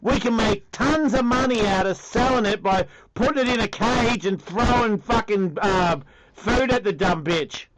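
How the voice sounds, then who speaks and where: Man doing a squeaky crude zookeeper girl. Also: unhurried. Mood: whiny. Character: crude young Australian woman zookeeper, pregnant. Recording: loud background noise.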